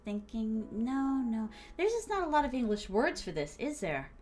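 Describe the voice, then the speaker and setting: Woman streamer, slightly high voice, casual musing, faint music behind. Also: big pitch swings, moderate pace, darkish tone. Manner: musing aloud, trying out words.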